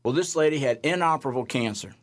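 Man, chaplain guest, storytelling testimony, animated, acts out voices, mid-pitched. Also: fast.

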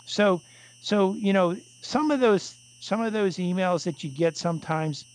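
A man's voice: high voice, unhurried, darkish tone, low-quality recording. Rambling man hosting a radio show. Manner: rambling, many restarts and fillers. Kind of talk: casual call-in radio talk.

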